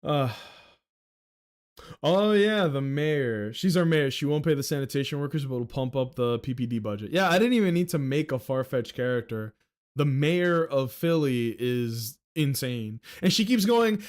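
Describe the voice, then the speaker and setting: A man's voice: mid-range voice, lively intonation, unhurried, clear, resonant tone. A young man from the Philadelphia area ranting sarcastically on a livestream at a desk mic, profane and exasperated.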